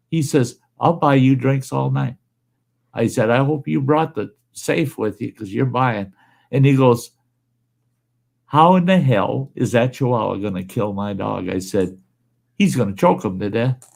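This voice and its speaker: A man's voice: medium pitch, normal speed, gravelly, a little mellow. A man telling a folksy tale in casual chat, acting out the voices of the people in his stories.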